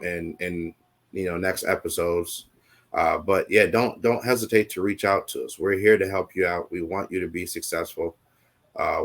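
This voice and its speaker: Deep-voiced and a bit bright, this talk show co-host keeps the chat casual, wandering through his points in a comforting way with lots of filler words.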